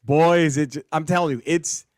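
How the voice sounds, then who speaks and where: A man co-hosting a casual podcast, swearing and laughing as he tells animated stories. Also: on the high side, brisk, very noisy. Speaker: podcast co-host. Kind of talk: casual chat.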